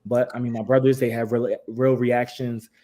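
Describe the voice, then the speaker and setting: A man's voice: medium pitch, level tone, moderate pace, warm tone. A young man from Massachusetts, a guest answering interview questions in an easygoing, laid-back way. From Springfield, Massachusetts. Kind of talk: relaxed conversational answers.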